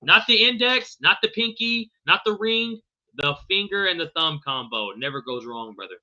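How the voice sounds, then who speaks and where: A man hosting a live stream with a sharp, piercing brightness in his voice, pitched a little high for a man. He talks loose and profane, calling everyone bro and brother and stumbling over names. The audio comes through dull and lo-fi. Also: lively intonation, normal speed. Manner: fumbles unfamiliar names. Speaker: podcast host. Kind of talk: live podcast chat with viewers.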